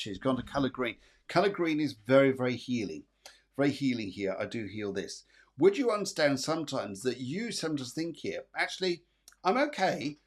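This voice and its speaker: Man, middle-aged, psychic medium, live stream, reassuring, repetitive, mid pitch. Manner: chatty, reassuring, many fillers and repeats; reads viewer comments aloud.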